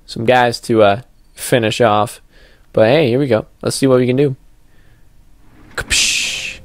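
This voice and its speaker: A young man with a mid-range voice, recorded without echo, chats casually over his gameplay in a let's-play. He's goofy and talkative, dropping playful sing-song asides.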